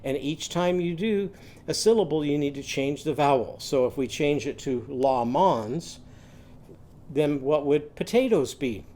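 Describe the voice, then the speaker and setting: A man's voice: on the high side, lively intonation, a little slow, warm tone. A man teaching young children a phonics lesson, singing little chants and leading sound drills for them to repeat.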